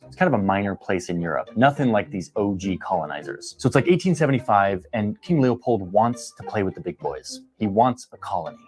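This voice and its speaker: A man's voice: fairly low pitch, darkish tone. A man narrating a history explainer in a casual, conversational way, with wry slangy asides and dramatic beats. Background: background music.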